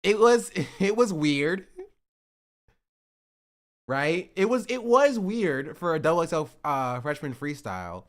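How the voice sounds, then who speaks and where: This man's voice sits a little high, and he talks slowly with frequent pauses while streaming his reactions to rap clips. He stays chatty and casual, often laughing and now and then shouting in excitement.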